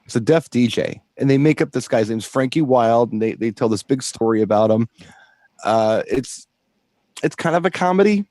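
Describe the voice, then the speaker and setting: A man's voice: mid-range voice, animated, moderate pace, a little mellow, dry recording. A man co-hosting a DJ show in casual chat, explaining things at length with enthusiasm. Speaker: DJ co-host.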